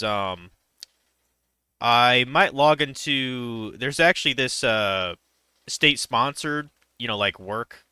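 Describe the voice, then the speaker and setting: A man's voice: mid-range voice, pushed and bright, smooth, no echo, studio quality. A young man streaming a game, chatting casually in a rambling, hesitant way with many fillers. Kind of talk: casual chat while gaming.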